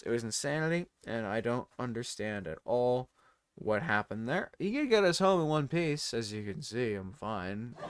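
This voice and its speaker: Tired, rambling man with a noisy recording. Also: medium pitch. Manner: rambling, self-interrupting, laughing through his stories. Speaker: host. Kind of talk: casual comedic storytelling monologue.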